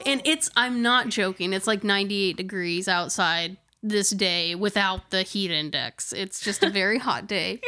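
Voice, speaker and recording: A woman's voice: mid-range voice, unhurried, hardly any pauses, bright, forceful tone. A young woman telling a story in casual chat on a podcast, giggling and laughing her way through it. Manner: giggly, often breaking into laughter mid-sentence.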